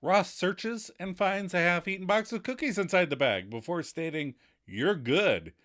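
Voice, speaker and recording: A man's voice: high-pitched, normal speed. A man co-hosting a podcast, recapping scenes in casual chat and acting out the quoted lines. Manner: acts out quoted lines with lively voices. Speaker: podcast co-host.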